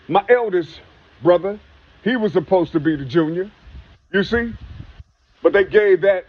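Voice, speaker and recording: A man with a high-pitched, raspy voice talks in a loose, preachy monologue, circling back to "you see" again and again. He swears freely and piles up rhetorical questions. The recording sounds muffled and lo-fi. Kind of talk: rambling spoken monologue.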